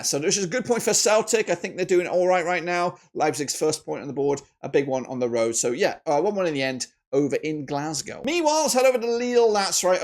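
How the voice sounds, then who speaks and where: A man hosting a football predictions video in a chatty, animated way, often correcting himself. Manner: animated, with frequent jumps in pitch and loudness; chatty, with filler "uh"s and self-corrections. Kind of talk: casual match-prediction commentary.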